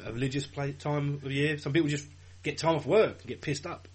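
A man's voice: on the high side, fairly even intonation, a little fast, breathy edge. A man hosting a podcast, leading casual chat and laughing often. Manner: leads the talk, laughs often. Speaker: podcast host.

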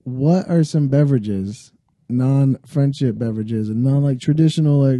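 A man co-hosting a podcast, easygoing and halting, often restarting his sentences. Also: mid-range voice, mellow, dry recording. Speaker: podcast co-host. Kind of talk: casual chat.

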